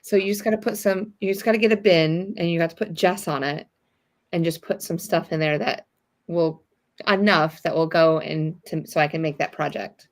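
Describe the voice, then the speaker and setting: A woman's voice: fairly low pitch, steady tone, moderate pace. A woman co-hosting a casual sewing livestream, chatty and encouraging, reading viewer comments aloud. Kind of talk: casual chat.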